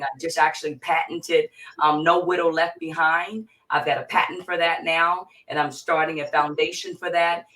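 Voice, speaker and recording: A woman's voice: deep voice, fairly bright tone. A middle-aged woman, a mental health therapist, speaking as an interview guest in an emphatic, repetitive and impassioned way. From Virginia, USA. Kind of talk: emotional interview talk. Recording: distant mic with faint noise.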